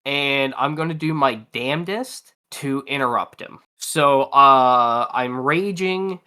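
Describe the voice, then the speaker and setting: Hesitant player full of fillers, with a bright tone. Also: mid-range voice, steady tone, takes it slowly, clear, resonant tone. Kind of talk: tabletop game play.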